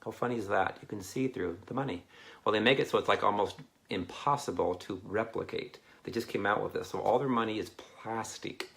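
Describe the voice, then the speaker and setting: A man's voice: on the low side, brisk, creaky, fairly bright tone. A man chatting casually and rambling to viewers on a live video, often laughing between thoughts. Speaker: Christian ministry speaker.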